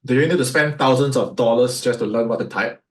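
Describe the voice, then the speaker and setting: A man's voice: mid-range voice, brisk. A man with a Singaporean English accent, teaching sales as a coach, firing rhetorical questions at his listeners. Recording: echoey room.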